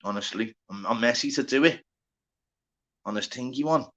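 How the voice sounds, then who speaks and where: A man's voice: mid-range voice, moderate pace, fairly bright tone. A man with a Liverpool accent hosting a casual live stream, chatty and sweary, greeting viewers by name. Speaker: livestream host.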